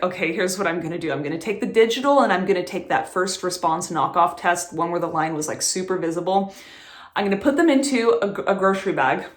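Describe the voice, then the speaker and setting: A chatty woman in her thirties talks straight to camera, rattling through a personal story with frequent laughs. Her voice sits in a middle pitch and bounces off the walls of an echoey room. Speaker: vlogger. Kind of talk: casual chat to camera.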